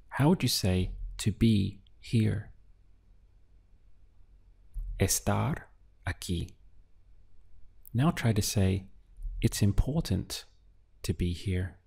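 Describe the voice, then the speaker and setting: A man's voice: fairly low pitch, vocal fry, darkish tone, husky. A man teaching a beginner language lesson, patiently prompting the learner and then giving each answer. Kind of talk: slow instructional lesson.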